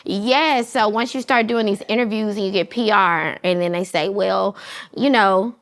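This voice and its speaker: A woman from Memphis with a strong Southern accent, a guest in a casual interview, talking in an animated and emphatic way and laughing often. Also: medium pitch, moderate pace. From Memphis, Tennessee.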